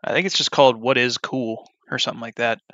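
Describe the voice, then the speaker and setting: A young man with a bright, sharp voice rambles through off-the-cuff commentary while he works on a game. His talk meanders with fillers and restarts, and it sometimes builds into loud, heated ranting. The sound is dry and close, with no room echo. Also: mid-range voice, steady tone, fast, muffled recording. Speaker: video creator modding a game.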